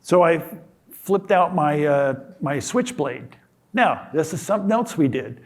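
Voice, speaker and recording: An older man talks to an audience in a lecture hall. His voice sits a little high for a man. He tells his story casually and with self-amusement, stumbling and restarting and acting out what others said. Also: animated, measured pace. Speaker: guest speaker. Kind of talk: storytelling talk.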